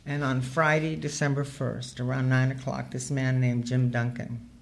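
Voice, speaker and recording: A woman's voice: rumbling low, little pitch movement, normal speed, gravelly. A woman sharing her recovery story as humorous personal storytelling, earthy and wry, laughing as she goes.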